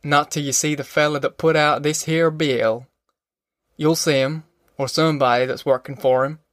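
A man's voice: fairly high pitch, fairly even intonation, moderate pace, a bit bright, no echo, studio quality, close to an everyday voice. A man voicing a bitter, worn-down male migrant in an audiobook, with a sly, mocking manner and a drawl. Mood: weary. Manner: sly, mocking giggles turning grim and weary.

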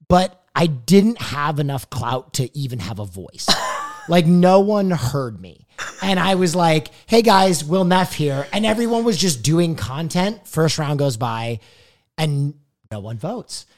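Animated young man telling a wild story. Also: on the high side, measured pace. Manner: theatrical, shouts and laughs through quoted lines. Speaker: podcast co-host.

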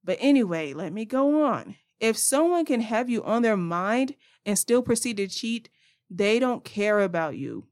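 A woman's voice: a little high, very animated, a little slow, a little mellow. A young woman hosting a podcast, giving blunt, passionate advice straight to her listeners in a casual monologue. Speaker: podcast host.

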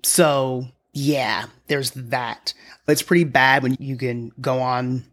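A solo podcast host recording in a quiet apartment, speaking in a mid-range voice. The delivery is conversational and wry, with the host thinking aloud and circling back to points. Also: mid-range voice, fairly even intonation, takes it slowly. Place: apartment at home, quiet early morning.

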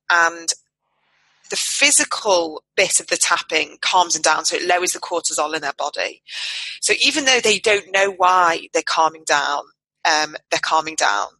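Podcast guest, woman, lowish and bright voice, earnest, halting, restarts a lot. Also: dry recording, rough recording. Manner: earnest, with many restarts and fillers. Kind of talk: casual podcast conversation. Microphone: podcast microphone.

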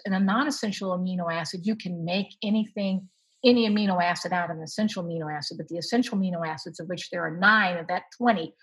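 A woman speaking as a guest expert, explaining how the body handles food in an animated, emphatic way. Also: fairly low pitch, husky, low-quality recording. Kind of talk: explanatory conversation.

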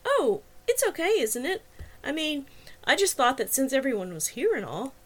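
A chatty, eager young college woman who gushes and never stops planning, put on by a woman reading aloud. Her voice sits high and bright, running on in a breathless, excited flow. She is an audiobook figure, all enthusiasm. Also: moderate pace. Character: bubbly young woman dorm organizer, chatty.

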